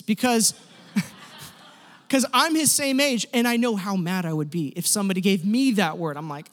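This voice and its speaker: A young man giving a sermon, telling stories in an animated, self-deprecating way with quick restarts. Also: high voice. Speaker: pastor. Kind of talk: sermon storytelling. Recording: echoey hall.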